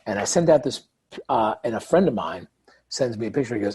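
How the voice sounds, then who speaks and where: Husky guy guesting on a podcast, tells stories and does all the voices in them. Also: on the low side, fast. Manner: animated storyteller, acts out quoted dialogue. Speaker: guest, author. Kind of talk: conversational interview.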